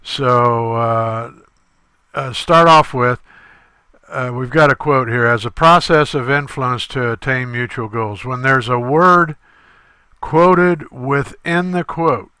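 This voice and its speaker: A male instructor talking through a screen-recorded tutorial step by step, halting often with fillers. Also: medium pitch, bright, forceful tone, clean tone, dry recording.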